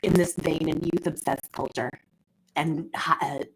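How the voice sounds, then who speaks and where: A woman in her forties talking to her viewers in a rambling, casual monologue, halting often and filling her speech with "like". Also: sits low, steady tone, slight background noise. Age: 40s. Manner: halting, heavy with "like" fillers.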